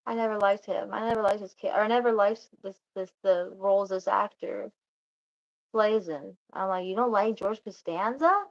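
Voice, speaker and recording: A woman's mid-range voice with vocal fry comes through dull audio as she vlogs, telling a meandering story in casual chat. She frequently starts over and quickly quotes what others said.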